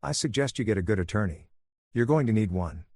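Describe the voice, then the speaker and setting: A man voicing a betrayed husband who speaks with calm, controlled menace, in a dry, close recording. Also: lowish voice, a little fast, no room sound. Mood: menacing. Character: cold, vengeful betrayed husband, adult man.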